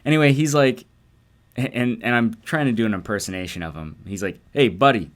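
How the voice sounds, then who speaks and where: A man's voice: medium pitch, lively intonation, a little fast, clean tone. A man co-hosting a comedy podcast, telling a self-deprecating story in casual chat with hesitant fillers. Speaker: podcast co-host.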